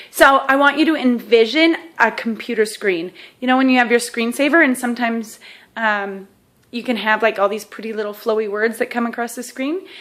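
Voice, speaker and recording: A woman's voice: on the high side, fairly bright tone. Chatty woman coaching with frequent check-ins. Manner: self-deprecating humor. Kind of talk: teaching a self-help exercise to camera.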